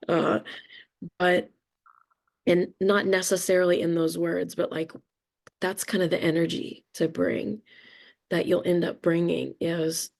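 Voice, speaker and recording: Middle-aged woman, low flat gravelly voice, slow, candid and rambling, casual swearing. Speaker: spiritual reader sharing experience. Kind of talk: casual reflective talk.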